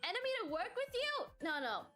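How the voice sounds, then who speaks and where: Very high-pitched giggly woman streamer. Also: big pitch swings, a little fast, music in the background. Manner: giggly, nervous, repeats phrases. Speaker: streamer host. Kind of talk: casual live stream chat.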